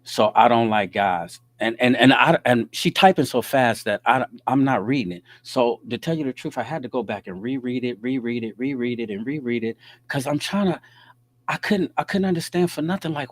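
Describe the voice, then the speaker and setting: A man hosting his own podcast, telling a story in a casual, animated way and reading out text messages. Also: mid-range voice, normal speed, no echo. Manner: animated, reads out text messages, frequent "you dig what I'm saying". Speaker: podcast host.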